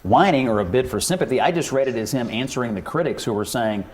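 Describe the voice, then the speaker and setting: A man on a televised panel talks quickly at an ordinary mid pitch. He lays out his disagreement in a calm, reasoned way, with faint noise in the background.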